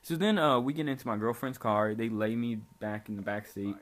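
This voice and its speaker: Here a young male vlogger speaks in a lowish voice at a fairly quick pace, casually recounting a story. Laid-back in manner, he scatters "like" throughout and swears freely; the recording carries faint background noise.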